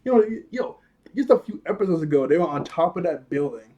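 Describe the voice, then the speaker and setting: A young man with a husky, slightly breathy voice talks through a cartoon episode in a loose, rambling way. He laughs often and slips into quick impressions of the characters as he retells each scene. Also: on the high side, expressive, mellow, highs cut off. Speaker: video reviewer. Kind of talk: casual episode recap.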